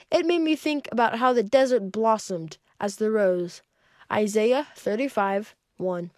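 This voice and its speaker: A woman reading a magazine article aloud, sounding bright and cheerful. Her voice is fairly high and close, with a dry sound. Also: no room sound.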